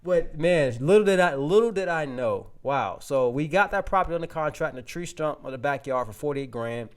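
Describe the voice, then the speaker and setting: A man presenting a real estate webinar, telling a casual, animated story full of restarts and fillers to his audience. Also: a little high, brisk.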